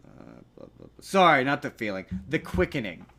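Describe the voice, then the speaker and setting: A man co-hosting a podcast, chatting casually and animatedly, slipping into quick jokey impressions. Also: mid-range voice, big pitch swings, a loud crowd. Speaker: podcast co-host. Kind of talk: casual chat.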